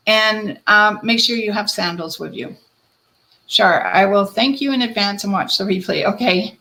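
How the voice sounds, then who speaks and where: A woman hosting a live-stream card reading as a psychic medium, addressing viewers by name in a gentle, reassuring way. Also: mid-range voice, moderate pace, vocal fry, poor audio.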